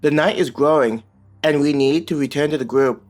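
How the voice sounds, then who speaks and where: Audiobook leader line, level-headed and practical narrator-voiced. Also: male voice, a little high, moderate pace, faint music behind, lightly acted. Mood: urgent.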